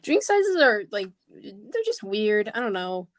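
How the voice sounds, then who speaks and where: A woman's voice: mid-range voice, very animated, a little slow, no echo. A woman co-hosting a podcast in laid-back, teasing casual chat. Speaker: podcast co-host.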